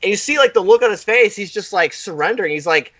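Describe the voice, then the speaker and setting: A man's voice: high voice, expressive, quick pace, fairly bright tone, no room sound. Rambling man on a dull dry line. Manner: rambling, profane, retells scenes. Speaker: podcast co-host. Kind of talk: casual film discussion.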